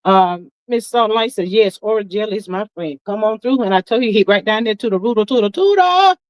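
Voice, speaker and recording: A woman hosting a relaxed livestream chat. Her voice sits at a middle pitch and is recorded close and dry. She reads out viewer comments, greets people warmly by name and stretches her welcomes into sing-song calls, sprinkling in "child" and "honey.". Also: no echo, low-quality recording. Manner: sing-song, drawn-out calls of "come on in the room"; Southern-style endearments like "child" and "honey". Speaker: livestream host. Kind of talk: casual live-stream chat reading comments.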